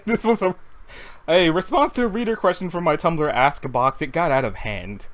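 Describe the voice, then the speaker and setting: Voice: mid-range voice, normal speed. A webcomic reader chatting casually at a computer, rambling and interrupting themself. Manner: giggly, rambling, self-interrupting. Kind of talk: casual comic read-along.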